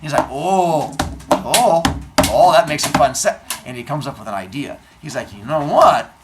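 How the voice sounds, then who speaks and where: A woman voicing a hyper newborn boy god who is eager and playful, with a squeaky, sing-song manner. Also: animated, moderate pace. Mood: excited. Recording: roomy, distant mic, faint noise.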